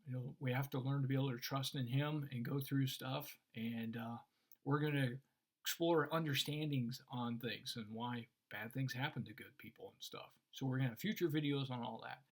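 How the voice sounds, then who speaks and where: Guy talking about faith casually, tells stories with little voices, medium pitch. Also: normal speed. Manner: animated storyteller, acts out voices in anecdotes. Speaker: Christian teacher.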